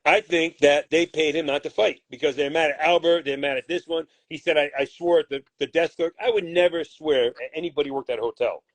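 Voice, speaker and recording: A man's voice: fairly high pitch, a little fast, hardly any pauses, no room sound. Blunt, profane man in a heated interview. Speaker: boxing manager.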